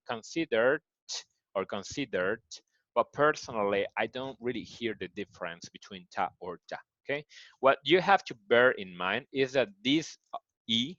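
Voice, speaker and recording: A man from Mexico with a Mexican Spanish accent, teaching an online English lesson and patiently repeating words slowly to model their pronunciation. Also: fairly low pitch, fairly bright tone, no echo, dull audio. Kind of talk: recorded online grammar lesson.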